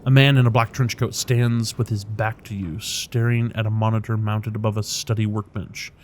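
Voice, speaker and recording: A man's voice: fairly low pitch, level tone, normal speed, slight background noise. A man narrating a video game, reading its text aloud with casual remarks and tripping over unfamiliar names. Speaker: let's play commentator.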